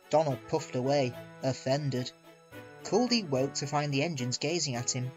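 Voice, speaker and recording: A man narrating a children's railway story with clear, even storytelling. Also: mid-range voice, normal speed. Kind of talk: storybook reading. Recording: muffled recording with soft music.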